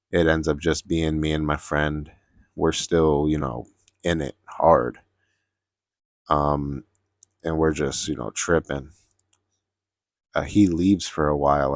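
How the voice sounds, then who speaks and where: A man's voice: rumbling low, no room sound. A man hosting his own gaming channel, telling a personal story in a laid-back, rambling way. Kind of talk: casual storytime monologue.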